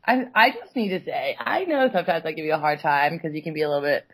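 Husky, teasing young woman. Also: low-pitched, animated. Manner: teasing, quick questions, playful. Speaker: podcast co-host. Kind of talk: casual chat.

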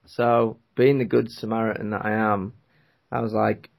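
A young man with a gravelly, creaky voice, chatting casually as a podcast co-host. He tells stories in an easygoing, unhurried way and laughs easily. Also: on the low side, flat delivery. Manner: laid-back anecdotal storytelling, laughs often. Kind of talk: casual chat.

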